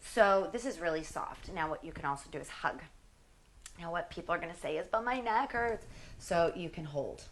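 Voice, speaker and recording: A woman's voice: sits low, a little fast, slight background noise. Chatty woman coaching while exercising. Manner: chatty, self-deprecating, talks while exercising. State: strained from exertion. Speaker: fitness instructor. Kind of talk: exercise demonstration with chatty asides.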